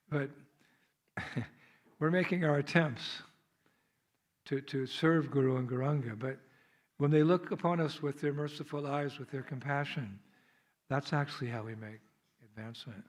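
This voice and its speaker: A man's voice: medium pitch, a little slow, pauses often. A man with an American accent giving a devotional sermon at a temple, telling stories in a chatty way, laughing often and acting out the scenes. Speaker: visiting monk speaker. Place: temple hall.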